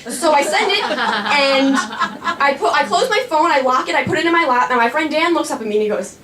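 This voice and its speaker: Young woman, high voice, chatty stage storytelling, echoey room, distant mic. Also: lively intonation, noisy background. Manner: chatty, self-mocking, quick asides. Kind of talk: live personal storytelling. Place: small performing arts studio stage.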